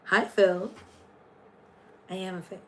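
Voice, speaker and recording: A woman's voice: medium pitch, little pitch movement, takes it slowly, fairly bright tone, poor audio. A woman hosting a casual astrology and tarot livestream, chatty and playful, jumping between viewer comments.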